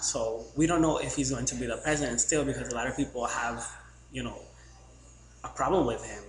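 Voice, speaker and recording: A man from the Boston area telling a rambling, joking story to his camera with lots of fillers. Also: mid-range voice. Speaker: vlogger. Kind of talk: casual storytelling vlog. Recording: echoey room, faint background hum.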